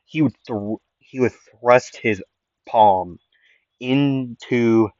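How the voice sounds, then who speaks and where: A man's voice: medium pitch, extremely slow, darkish tone, no room sound, highs cut off. A man casually improvising a fan story, rambling with lots of fillers.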